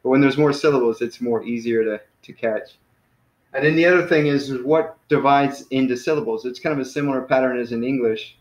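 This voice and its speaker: Relaxed man teaching online in an echoey room. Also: medium pitch, fairly quick. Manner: relaxed, friendly, says "man" and "you know" often. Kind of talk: casual online class.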